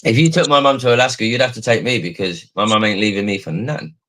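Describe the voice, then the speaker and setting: A man's voice: fairly low pitch, fast, fairly bright tone, low-quality recording. A man with a Cockney accent, chatting casually on a live stream and repeating words as he thinks. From England.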